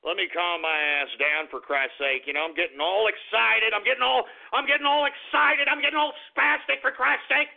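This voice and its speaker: Boisterous high-voiced radio host, gravelly. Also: male voice, a little fast, hardly any pauses. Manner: boisterous, whooping and laughing, often swears. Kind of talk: rowdy call-in radio talk. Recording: tinny phone-line sound with faint music.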